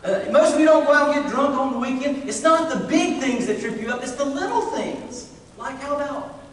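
Middle-aged guy preaching, really high voice, far off in a big echoey church, funny stories. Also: fairly quick, slight background noise. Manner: humorous, animated storyteller. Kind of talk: sermon with storytelling. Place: church sanctuary. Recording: distant, echoey church hall.

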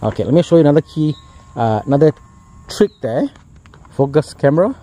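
A man's voice: on the high side, expressive, brisk, dark tone. Enthusiastic Malaysian man reviewing a car. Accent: Malaysian English. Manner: enthusiastic, exclamatory, chatty. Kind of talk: casual car walkaround.

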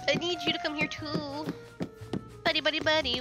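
Woman gamer chatting as she plays, high voice, music going behind. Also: normal speed. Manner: chatty and playful, talks to the game characters. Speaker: gaming video creator. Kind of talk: casual gameplay commentary. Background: game music.

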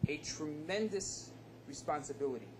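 A man's voice: fairly high pitch, lively intonation, moderate pace, noisy background. Man telling a story in a lecture. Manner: dramatic storyteller, acts out dialogue. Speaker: rabbi.

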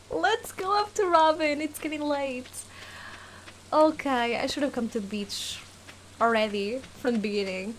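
A woman's voice: sits high, unhurried, a little hiss or hum. A young woman giving casual gameplay commentary, giggling often, playfully exasperated, and talking to the game's characters. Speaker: let's play gamer.

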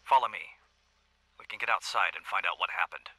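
A man's voice: low voice, a little fast, pushed and bright, no room sound, poor audio. A man playing a stern, weary male schoolteacher, lecturing in a video game audio log.

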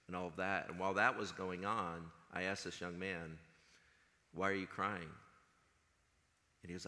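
A man giving an earnest chapel talk to high school students, telling stories and acting out what others said. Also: fairly even intonation, a little fast, creaky, pushed and bright. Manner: earnest storytelling, quotes others in conversation. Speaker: school chaplain. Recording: long hall reverb.

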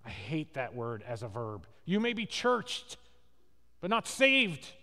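Slow-preaching pastor in an echoing church. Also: male voice, medium pitch, huge pitch swings, bright, forceful tone. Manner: storytelling with acted quotes and rhetorical questions. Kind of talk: sermon. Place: church sanctuary. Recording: long reverb of a church hall.

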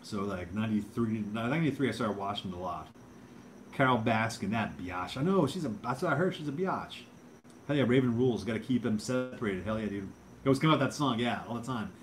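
A low-voiced man in his thirties chats casually on a livestream, answering his viewers. He rambles and trips over his words, with a faint noise underneath. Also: expressive, a little fast, a bit bright. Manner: rambling, hesitant, lots of fillers and repeats. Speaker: livestream host reading chat.

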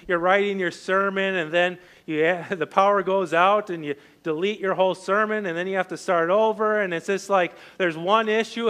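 Pastor, male, high voice, chatty sermon delivery full of "you know" and restarts. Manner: conversational, filler-heavy, frequent restarts; animated and loud when voicing the disciples, quiet and low when personal.

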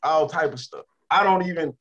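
A Louisiana rapper talking casually in an interview, repeating himself for emphasis and turning quieter when he talks about stress. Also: fairly high pitch, a little fast, muffled recording. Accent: Southern US, Louisiana. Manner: emphatic and repetitive, drops to a subdued tone about stress.

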